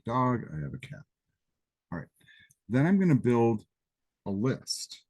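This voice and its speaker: In a classroom or office, a Greek man teaches a live coding class, casual and chatty with the odd aside. He speaks unhurriedly in a sing-song, medium-pitched voice with a darkish tone, and there's no echo.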